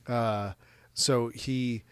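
A man's voice: mid-range voice, drawn-out words, clean tone, no echo. Chatty man with a close, dry sound. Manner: laughs often, animated retelling with crude jokes. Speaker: podcast co-host recapping a movie. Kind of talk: casual chat.

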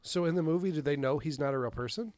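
Male podcast co-host, slightly high voice, relaxed questioning tone, dry close mic. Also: fast talker, dry recording. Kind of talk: casual chat.

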